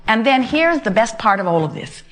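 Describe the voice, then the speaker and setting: A woman with a slightly high voice leads a motivational talk at a live gathering. She speaks emphatically, always as "we". She repeats key phrases and builds her points into long step-by-step chains. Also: sing-song, a little fast, a bit bright. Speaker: inspirational speaker.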